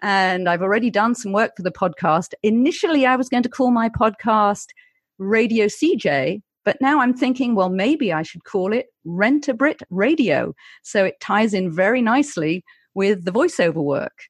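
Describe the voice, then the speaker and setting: A woman's voice: mid-range voice, moderate pace, no room sound. Articulate british woman with received pronunciation. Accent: English received pronunciation. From Britain. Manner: articulate, lively, wry humor. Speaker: guest, author and former broadcaster. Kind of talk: interview conversation.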